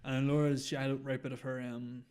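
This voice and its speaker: A man's voice: medium pitch, little pitch movement, fast, a little mellow, clear, resonant tone. A young man co-hosting a podcast, telling stories with enthusiasm and lots of fillers. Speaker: podcast co-host. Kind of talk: casual chat.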